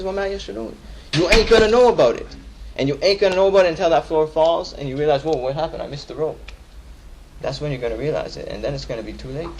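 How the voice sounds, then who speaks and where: A young man giving a Friday sermon in casual slang, repeating lines for emphasis and swinging from loud urging to soft storytelling. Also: fairly high pitch, slight background noise, poor audio. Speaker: khutbah speaker.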